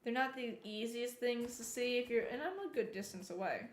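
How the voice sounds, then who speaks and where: A woman streamer telling a story in a casual, animated way while she plays, now and then breaking off to remark on the game. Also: on the high side, moderate pace, slight background noise. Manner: chatty, animated retelling, breaks off to comment on the game. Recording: roomy echo.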